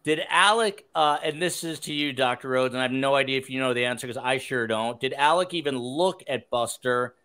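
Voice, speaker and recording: Male podcast host from New Jersey, clear voice, casual and self-deprecating. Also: medium pitch, a little fast, few pauses, bright, forceful tone. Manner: chatty, self-deprecating, reads questions aloud. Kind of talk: casual chat, reading listener questions.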